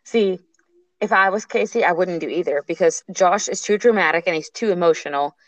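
A woman co-hosting a podcast who chats casually and gives measured opinions. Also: fairly low pitch, dry recording, low-quality recording. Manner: brief reactions, then measured opinions. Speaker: podcast co-host. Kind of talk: casual chat.

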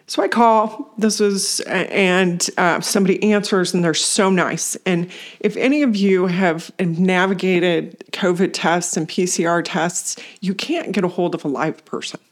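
A woman telling a personal story to a meditation community, animated, acting out what others said and laughing along the way. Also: lowish voice, unhurried. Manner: animated retelling with acted-out quotes and laughs. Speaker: community member sharing practice.

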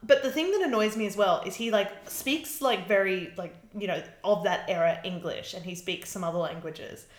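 A woman's voice: mid-range voice, normal speed, hardly any pauses, roomy sound. A woman co-hosting a podcast, casually recapping a TV episode, laughing often and swearing freely. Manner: laughs often, swears, acts out characters in quotes. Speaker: podcast co-host.

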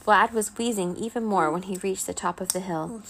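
A woman reading a children's chapter book aloud as a bedtime story, in a gentle, expressive way. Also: mid-range voice, normal speed, slight background noise.

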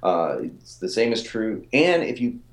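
A man's voice: on the low side, sing-song, a little slow, reverberant. A man in his forties, a fitness author and coach, telling stories in a casual interview with many fillers and repeated words. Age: 40s.

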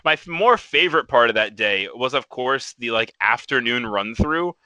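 A young man with an extremely bright, forward tone hosts a casual livestream chat. He tells stories animatedly, acting out other people's lines and laughing along as he goes. The sound is very dry and close, with no room around him. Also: mid-range voice, normal speed, dry recording. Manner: animated storyteller, laughs often. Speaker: podcast host.

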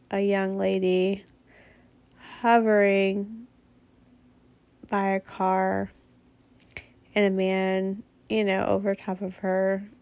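A woman recounting a story in a relaxed, unhurried way, her voice carrying a gravelly fry. She is blunt and candid and does not hold back on swearing. The sound is close and dry, with no room echo. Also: mid-range voice. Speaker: mother telling a personal story. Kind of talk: casual spoken storytelling.

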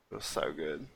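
A man in his twenties co-hosting a casual movie-review podcast, telling stories in an animated way and laughing often. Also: a bass voice, vocal fry, husky. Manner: animated storyteller who acts out quotes and laughs often. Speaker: podcast co-host.

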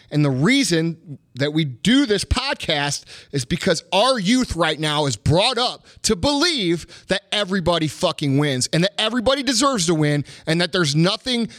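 A man's voice: on the high side, a bit bright, no room sound, studio quality. A middle-aged American man hosting a podcast, delivering a profane, emphatic motivational rant with punchy repetition. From United States. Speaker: podcast host.

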